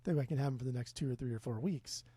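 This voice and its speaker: A man's voice: medium pitch, very fast, warm tone, breathy edge, dry recording. A man co-hosting a casual music podcast remotely, laid-back and teasing, with plenty of swearing. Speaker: podcast co-host. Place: remote, own room.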